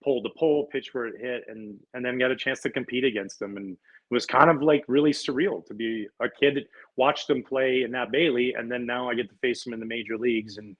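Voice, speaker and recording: A middle-aged Canadian man, once a pitcher, talks as a guest on a sports show. He tells his stories in an animated, chatty way, laughing often and restarting his words as he goes. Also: fairly quick, highs cut off. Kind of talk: casual interview chat, storytelling.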